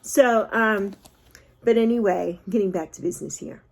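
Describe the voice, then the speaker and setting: A woman's voice: mid-range voice, moderate pace, creaky, darkish tone, a little hiss or hum. A woman in her sixties talking casually and emotionally to her viewers, rambling and laughing at herself. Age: 60s. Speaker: vlogger. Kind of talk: unscripted talk to camera.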